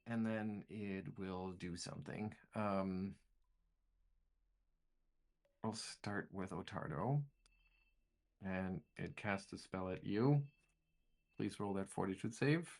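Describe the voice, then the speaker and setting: Game master: slow-talking man with a lowish voice, describing scenes. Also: darkish tone. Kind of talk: narrating a tabletop game.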